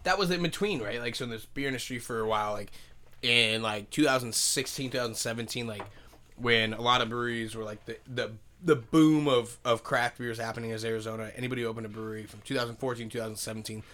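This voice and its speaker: A man's voice: medium pitch, bright, forceful tone. A man co-hosting a casual beer-industry podcast, rambling and swearing freely. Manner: profane, rambling, fast bursts. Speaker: podcast co-host.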